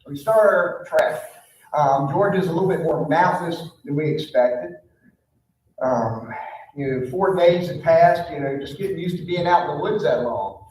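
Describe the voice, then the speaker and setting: A man's voice: a little high, normal speed, darkish tone, a little hiss or hum. A man, a pastor telling a folksy story from the pulpit with many fillers. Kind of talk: storytelling sermon. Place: church sanctuary. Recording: echoey church hall, mic far off.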